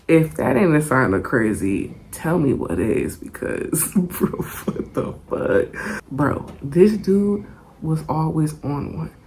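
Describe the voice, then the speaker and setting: A young woman telling a story in a casual storytime vlog, animated and profane, laughing often. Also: deep voice, creaky.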